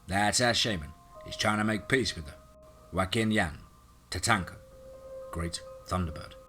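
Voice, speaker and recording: A man voicing a calm male soldier explaining in a level way. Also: sits low, normal speed, faint music behind.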